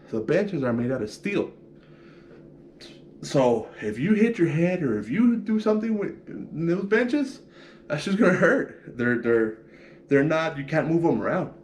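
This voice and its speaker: A man's voice: mid-range voice, a little mellow, slight background noise. A young man telling a prison story casually, acting out punches sound effects and swearing freely.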